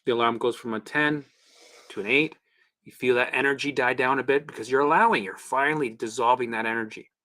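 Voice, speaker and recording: A man hosting a casual livestream, coaching viewers through exercises in an animated, chatty way with the odd swear word. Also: medium pitch, brisk. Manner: guides listeners through exercises. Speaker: host and recovery coach.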